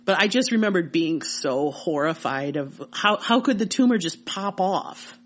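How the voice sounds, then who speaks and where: A woman co-hosting a podcast, telling childhood memories in casual, animated chat. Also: lowish voice, moderate pace. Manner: animated storytelling with laughter. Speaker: podcast co-host.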